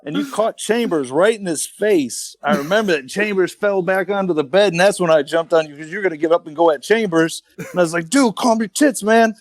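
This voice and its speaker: Male podcast co-host, higher-pitched, dry booth sound, rambling profane anecdotes. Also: fairly quick, few pauses, dry recording. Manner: rambling, profane, animated storytelling. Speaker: podcast co-host, army veteran. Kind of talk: casual storytelling chat.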